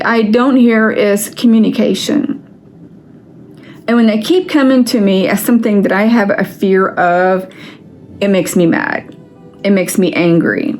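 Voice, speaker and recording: Woman venting on her vlog, fed up and cussing, talks real slow. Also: fairly high pitch, darkish tone, slight background noise. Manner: angry, frustrated venting with frequent swearing. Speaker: vlogger. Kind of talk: casual vlog rant.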